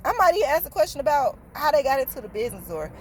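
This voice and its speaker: A woman's voice: sits high, sing-song, very fast, slight background noise. A woman telling a casual storytime on her vlog, blunt, slangy and passionate, swearing freely. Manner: slangy, streetwise talk. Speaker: vlogger.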